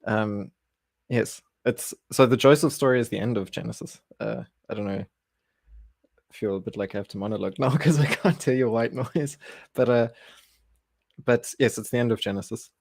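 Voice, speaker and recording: A man's voice: medium pitch, normal speed, gravelly, darkish tone, no echo. A man hosting a casual livestream Bible study, easygoing and chuckling, often restarting his sentences.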